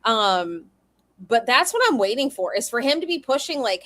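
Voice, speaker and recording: A woman's voice: on the high side, big pitch swings, normal speed, fairly bright tone. A woman on a casual wrestling podcast, who talks eagerly, acts out quotes and repeats herself for emphasis.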